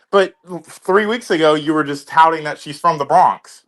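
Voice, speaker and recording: Casting: slightly high-voiced male co-host, conversational, opinionated. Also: moderate pace, a bit bright. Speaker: co-host reacting to a video. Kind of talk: casual reaction chat.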